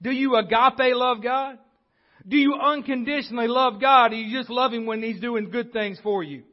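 A man with a high-pitched voice delivers a sermon from the pulpit, speaking conversationally and often stumbling into restarts. The sound is dull and lo-fi, as if captured on modest equipment. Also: normal speed. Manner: conversational preaching with frequent restarts. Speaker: pastor. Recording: dull lo-fi recording.

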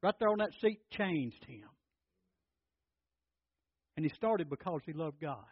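High-voiced preacher. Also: male voice, very animated, measured pace, slightly rough, dry recording, dull audio. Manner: folksy storytelling preacher, repeats words. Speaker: pastor. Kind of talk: sermon.

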